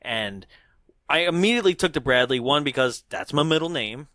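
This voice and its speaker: Animated, laughing man telling stories. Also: mid-range voice, fairly quick, no room sound. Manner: animated storyteller, acts out quotes, laughs a lot. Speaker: podcast co-host. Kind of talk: casual chat.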